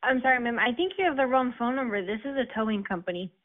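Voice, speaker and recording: Brief: woman receptionist, slightly high, brisk, tinny phone line. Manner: polite, quick, firm. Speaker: towing company receptionist.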